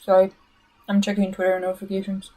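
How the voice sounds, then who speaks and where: Woman rambling on her livestream, chatty, mid pitch, keeps reading chat out loud. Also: monotone, fast, poor audio. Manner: rambling, chatty, reads viewer comments aloud.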